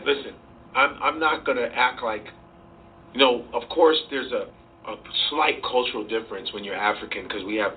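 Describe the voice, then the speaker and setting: A man being interviewed as a comedian, talking in an animated, profane way and acting out voices as he goes. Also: on the low side. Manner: profane, acts out voices and quotes. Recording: distant tinny sound with faint hiss.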